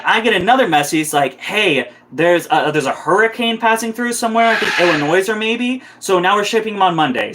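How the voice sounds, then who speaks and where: A man's voice: fairly high pitch, a bit bright. Heated, swearing young man ranting. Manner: heated, profane, with many restarts. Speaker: reptile keeper live-streaming. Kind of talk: casual live-stream rant.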